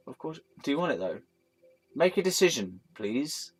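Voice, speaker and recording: A man's voice: mid-range voice, big pitch swings, a little fast, slightly rough. A tired man rambling casually and self-deprecatingly to a statue while he films. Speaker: vlogger.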